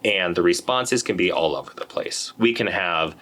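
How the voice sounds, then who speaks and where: A man's voice: deep voice, normal speed, sharp tone. A man giving a casual, conversational lecture to other dentists, acting out patient quotes now and then. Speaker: endodontist educator. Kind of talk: lecture presentation.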